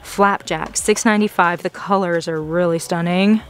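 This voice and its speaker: A young woman filming a casual plant-shopping vlog in a nursery, gushing excitedly over the plants she finds. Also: lowish voice, normal speed. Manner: excited, gushing, frequent gasps. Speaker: plant vlogger.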